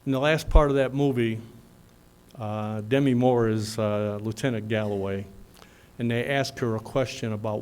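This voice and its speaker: A middle-aged man speaks at a graduation in a folksy, storytelling manner. His delivery is animated, full of asides to the crowd. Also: on the low side, normal speed, clean tone. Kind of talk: motivational speech with storytelling.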